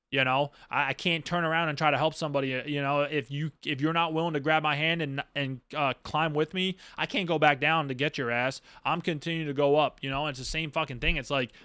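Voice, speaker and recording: A young man rambling on a livestream, blunt and swearing freely. His voice sits a little high and rings bright and clear, close to the mic in a dry room. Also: no echo. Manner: blunt, profane, rambling, heavy with fillers. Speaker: streamer; Marine. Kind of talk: casual livestream talk.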